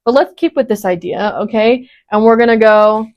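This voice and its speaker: A woman's voice: fairly high pitch, normal speed, lo-fi sound, loud music behind the voice. A woman in her twenties teaching an online singing lesson, explaining step by step and encouraging with frequent check-ins. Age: 20s.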